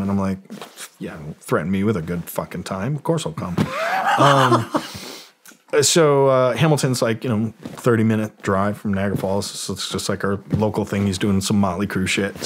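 A man's voice: lowish voice, a little hiss or hum. A man in his forties, a podcast guest, telling a story in a profane, rambling way, full of fillers and acted-out quotes. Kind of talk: casual storytelling.

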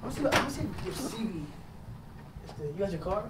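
High-voiced young man, echoey and noisy. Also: big pitch swings, fast, far from the mic. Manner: hyped, loose and joking with friends. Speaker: streamer vlogging on a trip. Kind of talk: casual travel vlog. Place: hotel rooms and an indoor gym. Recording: roomy echo with loud background noise.

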